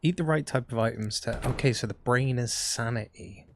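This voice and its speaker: A man giving casual commentary on a horror game, excitable and swearing freely. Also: medium pitch, moderate pace, gravelly, hardly any pauses. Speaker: gaming youtuber.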